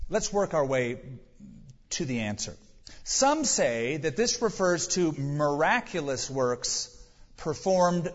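A man preaching a sermon, working through numbered points with rhetorical questions and sudden bursts of emphasis. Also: breathy edge. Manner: sudden rises in pitch and volume for emphasis. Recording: long hall reverb, dull lo-fi sound.

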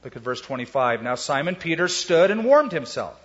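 A pastor with a high-leaning, sing-song voice moves at a fairly quick clip through an expository Bible sermon. He keeps it conversational with casual asides and rhetorical questions, and the sound is dull with long hall reverb.

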